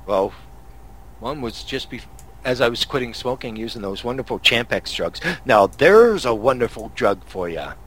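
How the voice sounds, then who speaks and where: A man's voice: medium pitch, expressive, normal speed, fairly bright tone, slightly rough. A man from Canada hosting a podcast, telling angry road-rage stories in a profane, casual rant. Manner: angry, swearing storyteller. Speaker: podcast host.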